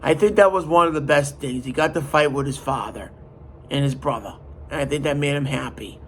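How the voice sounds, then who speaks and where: A man hosting a podcast, retelling a story in an animated, emphatic way. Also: medium pitch, brisk, slight background noise. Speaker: podcast host. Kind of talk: casual storytelling.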